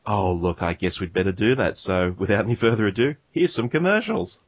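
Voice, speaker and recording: An Australian man co-hosting a casual gaming podcast, easygoing and quick to chuckle. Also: lowish voice, animated, no room sound, lo-fi sound. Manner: easygoing, laid-back, chuckling. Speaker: podcast co-host. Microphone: home podcast microphone.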